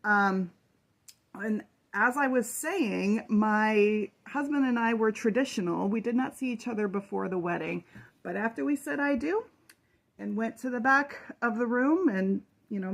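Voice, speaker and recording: Woman, casual storyteller, blunt and emphatic, strong vocal fry. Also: fairly high pitch.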